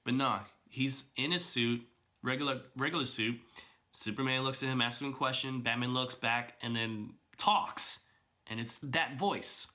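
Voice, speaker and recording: Here a vlogger with a mid-range voice speaks at a moderate pace while giving chatty, animated reactions. He often restarts sentences and leans on fillers.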